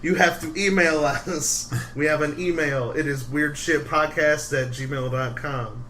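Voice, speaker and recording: Bright-voiced laughing podcast host. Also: male voice, fairly high pitch, steady tone, unhurried, slight background noise. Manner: laughing often, rambling with fillers. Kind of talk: casual banter.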